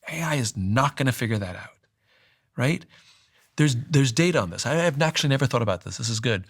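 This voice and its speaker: A man talking through a story in a conversation, reflective, restarting often and letting his sentences trail off low. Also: expressive, brisk, no echo.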